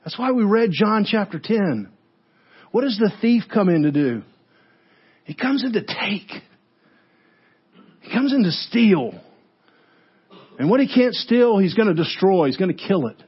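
A man's voice: sits high, very animated, normal speed, husky, lo-fi sound. A male pastor preaching a sermon in a church, reading scripture aloud with emphatic, repeated phrases. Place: church sanctuary.

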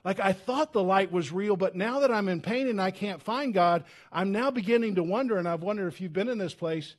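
Speaking a little fast, a male pastor preaches a sermon in church with a fairly high voice. His manner is earnest and conversational with frequent restarts, shifting between loud, urgent appeals and quiet, weighty moments.

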